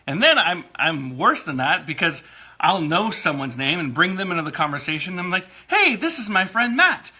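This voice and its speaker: A fairly high-pitched man with a sharp, husky tone co-hosts and produces a casual talk show about marriage. He's self-deprecating and laughs often.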